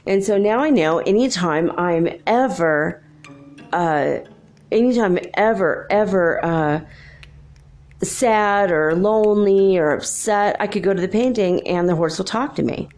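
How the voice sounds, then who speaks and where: A woman hosting a talk show, telling a story casually, chatty and laughing often as she quotes people in lively voices. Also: mid-range voice, a little slow. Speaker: podcast host.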